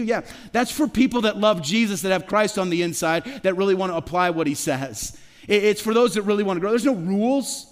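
A middle-aged man preaching a sermon as pastor, talking conversationally with rhetorical questions and quick stammered restarts. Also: high voice, animated. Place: church sanctuary. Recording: long reverb of a large hall.

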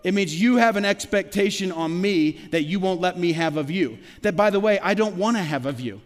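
A middle-aged man preaching a sermon as pastor, talking conversationally with rhetorical questions and quick stammered restarts. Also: high voice, animated. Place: church sanctuary. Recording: long reverb of a large hall.

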